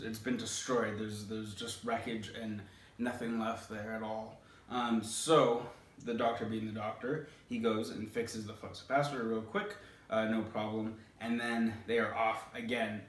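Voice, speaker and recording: A man's voice: on the low side, flat delivery, a little slow, fairly bright tone. A man hosting, casually telling a rambling story with lots of hesitant fillers, recorded in an echoey room some way from the mic. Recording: roomy, distant mic.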